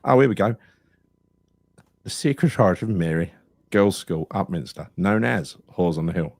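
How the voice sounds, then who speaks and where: A man's voice: low voice, expressive, normal speed, gravelly, darkish tone, dry recording. A man, co-hosting a live football podcast, telling stories with lots of swearing and laughter. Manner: swearing, storytelling, laughs a lot. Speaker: podcast co-host.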